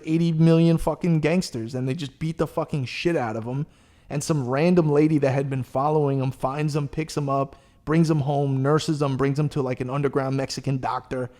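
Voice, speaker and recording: A man hosting a podcast, chatting casually and telling a long story in a rambling, profane, animated way. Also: a little high. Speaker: podcast host. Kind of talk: casual chat.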